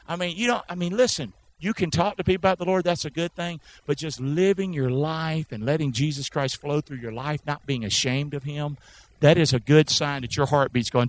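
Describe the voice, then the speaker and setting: A man's voice: a little high, sing-song, brisk, a bit bright, low-quality recording. A man preaching a sermon, emphatic, often asking the congregation to answer or repeat after him. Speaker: pastor.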